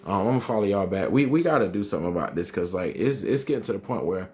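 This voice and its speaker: A man's voice: low voice, expressive, fast talker, darkish tone, slight background noise. Emphatic man answering a live chat. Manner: emphatic, repetitive, answers chat comments directly. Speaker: livestream host reading chat. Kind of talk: casual live-stream commentary.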